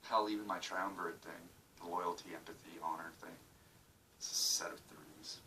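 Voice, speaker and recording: Recorded on a phone camera at home, a man rambles through a casual video diary, muttering, swearing and poking fun at himself. His low voice moves at a moderate pace with a sharp edge. The mic sits at a distance, and the poor audio carries a little hiss or hum.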